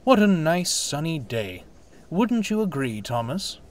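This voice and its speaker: A man's voice: on the high side, sing-song, a little slow, pitched above the performer's own voice. Boko, a man doing a friendly diesel engine. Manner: friendly, encouraging. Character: cheerful, good-natured male diesel engine.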